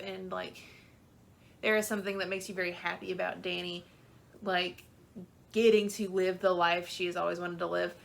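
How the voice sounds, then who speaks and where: Woman, young adult, book vlogger, chatty, gushing, bright voice, mid pitch. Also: creaky. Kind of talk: casual chat.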